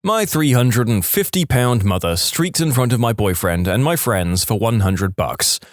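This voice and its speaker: A man reading submitted stories aloud in an animated storytelling manner on a close studio mic. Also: medium pitch, moderate pace, dry recording. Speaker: story narrator.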